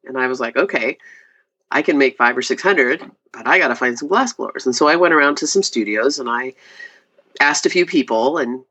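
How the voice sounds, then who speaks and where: A woman, a glass artist, telling stories in a casual interview and acting out quotes in a much higher voice. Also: a little fast, breathy edge. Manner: animated, acts out quoted voices with high pitch jumps. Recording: slightly dull lo-fi audio.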